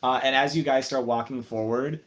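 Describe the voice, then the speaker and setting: Rambling young game master. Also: male voice, mid-range voice, fairly even intonation, normal speed, a bit bright. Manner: rambling, full of fillers and restarts. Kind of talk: narrating a tabletop game, casual.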